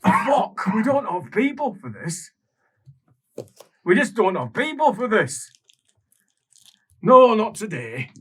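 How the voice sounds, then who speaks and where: A man voicing a stressed, bald male tax official who shouts and swears. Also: sits high, very animated, slow pace, pauses often, slightly rough, pitched above the performer's own voice, full character voice. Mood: panicked.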